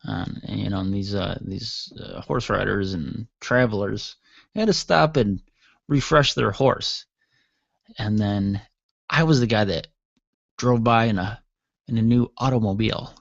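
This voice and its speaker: A man's voice: on the low side, a little slow, gravelly, no echo, muffled recording. A man hosting his own podcast from a basement studio, rambling casually with jokey asides and yawning from tiredness. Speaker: podcast host. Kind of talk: casual solo podcast talk.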